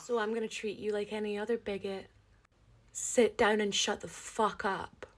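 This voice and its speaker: A woman's voice: mid-range voice, flat delivery, normal speed. A woman in an online video, lecturing and scolding the viewer. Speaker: clip speaker.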